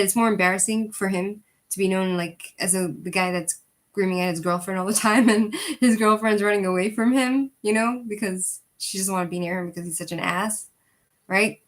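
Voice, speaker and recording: A woman in her thirties telling a personal story in casual chat, rambling with fillers and breaking into laughs. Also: medium pitch. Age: 30s. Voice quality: rambling, animated, frequent fillers. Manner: laughs between sentences. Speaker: channel host.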